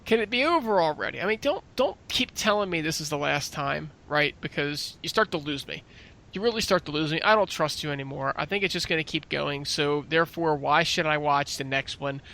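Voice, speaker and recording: A man's voice: on the high side, expressive, fairly quick, creaky, sharp tone. A man co-hosting a casual wrestling podcast, talking in an exasperated, opinionated way. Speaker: podcast co-host.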